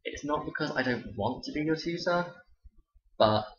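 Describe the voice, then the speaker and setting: A man's voice: fairly high pitch, lively intonation, moderate pace. Young man, teacher, casual sarcastic anecdotes, dull muffled sound, echoey room. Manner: dry, sarcastic delivery. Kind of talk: casual storytelling to camera.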